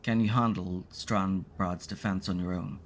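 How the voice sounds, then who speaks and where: Man reading seasoned fatherly paladin, steady, low. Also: measured pace, slight background noise.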